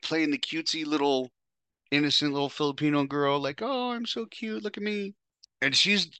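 A man's voice: fairly high pitch, bright, forceful tone, no room sound. Blunt, profane man telling his story. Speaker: podcast host. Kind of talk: first-person storytelling.

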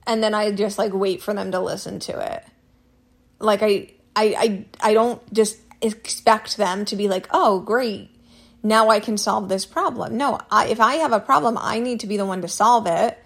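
A woman's voice: on the high side, gravelly. Woman host, solo advice podcast, casual and candid, some cursing. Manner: candid, repeats herself, mild swearing.

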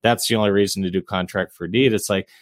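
A man's voice: lowish voice, fairly even intonation, fast talker, no echo, studio quality. A man guesting on a podcast, talking about real estate in an easygoing way with frequent chuckles and fillers. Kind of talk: casual interview chat.

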